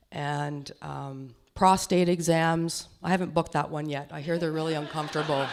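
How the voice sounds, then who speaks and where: A woman's voice: low-pitched, a little hiss or hum. A middle-aged woman with a lisp doing a self-deprecating stand-up comedy set on stage, laughing at her own jokes. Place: small comedy stage before an audience.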